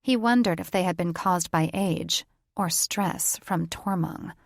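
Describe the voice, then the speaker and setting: Slow, gravelly woman narrator. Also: on the low side, no echo, clean studio sound. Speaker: audiobook narrator. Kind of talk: scripted narration.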